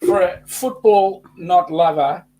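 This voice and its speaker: A man's voice: high-pitched, takes it slowly, dark tone, rough recording. A man with an Australian accent co-hosting a casual live chat, joking and reading viewer comments aloud. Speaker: co-host.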